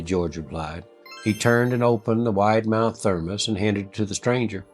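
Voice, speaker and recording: A male host narrating a heartfelt story in a slow, earnest, folksy way. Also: on the low side, soft background music.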